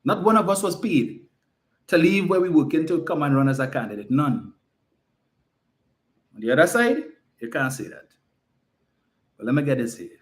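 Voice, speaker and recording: Man, campaign speaker, mocking rhetorical delivery, slightly high voice. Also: sing-song, moderate pace, long pauses. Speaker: political campaigner. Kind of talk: political campaign speech.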